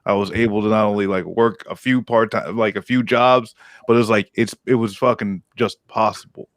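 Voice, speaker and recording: A man's voice: lowish voice, steady tone, fairly quick, no echo, studio quality. A young adult man in casual chat, rambling with lots of fillers and swearing.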